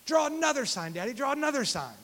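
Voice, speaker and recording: A man voicing an excited two-year-old boy who keeps pleading with his father. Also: quick pace, heavily acted. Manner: high, repetitive pleading. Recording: long hall reverb, faint hiss.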